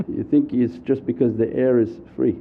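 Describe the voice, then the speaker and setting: A man's voice: medium pitch, steady tone, a little slow, slight background noise. A man giving an earnest, repetitive Sufi sermon, sometimes acting out anxious inner voices. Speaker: Sufi preacher. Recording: muffled lo-fi recording.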